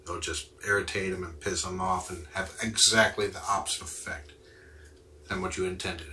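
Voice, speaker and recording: A man's voice: deep voice, fairly even intonation, moderate pace, bright, forceful tone, a little hiss or hum. A man hosting a livestream, chatting casually and answering viewer comments as they come in. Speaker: livestream host. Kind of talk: casual chat with live viewers.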